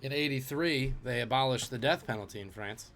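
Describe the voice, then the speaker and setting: A man's voice: medium pitch, brisk, fairly bright tone, soft background music. A man hosting a live-streamed trivia game, joking and chatting with viewers between questions.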